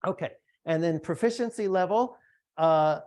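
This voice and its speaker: A middle-aged man lectures to a room in a relaxed, conversational way, throwing in asides to his listeners. His voice sits a little high for a man. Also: moderate pace, dry recording. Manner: conversational, chatty asides to the audience. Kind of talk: academic lecture.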